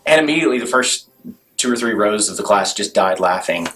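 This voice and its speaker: A man's voice: fairly low pitch, animated, brisk, a bit bright, poor audio. Wry male law student telling a story. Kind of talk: anecdote told to camera.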